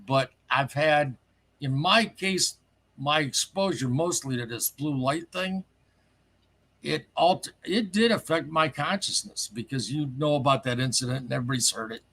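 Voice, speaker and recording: A man calling in to a show, telling a strange story in a rambling, excitable way and swearing casually. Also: fairly high pitch, moderate pace, slightly rough. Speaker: caller sharing a paranormal story.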